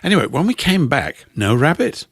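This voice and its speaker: Casting: middle-aged Englishman, dry rambling storyteller, lively pitch, close dry sound. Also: normal speed, creaky, breathy edge, no echo. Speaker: co-host. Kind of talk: casual chat.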